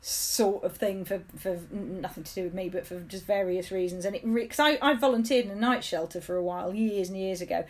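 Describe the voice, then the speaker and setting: A woman's voice: mid-range voice, brisk, few pauses. A woman, co-hosting a podcast and talking earnestly and emotionally in casual chat. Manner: earnest, emotional, long-winded. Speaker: podcast co-host. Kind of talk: casual chat reviewing a TV episode.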